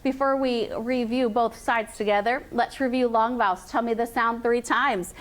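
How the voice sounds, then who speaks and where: A woman's voice: a little high, fairly even intonation, moderate pace. A woman teacher leading a classroom phonics lesson. She is upbeat and drills vowel sounds in call-and-response chants.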